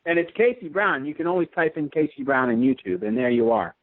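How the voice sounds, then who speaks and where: A man's voice: a little high, sing-song, a little fast, no room sound. Earnest man on a tinny line. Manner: earnest, emphatic, repetitive. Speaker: radio show host. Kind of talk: casual radio interview talk. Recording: dry tinny phone-line sound.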